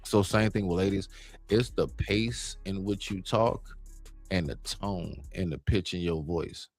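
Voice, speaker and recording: A man hosting a casual chat, explaining his point with loud and soft swings. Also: deep voice, a little slow, creaky, soft background music. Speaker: host.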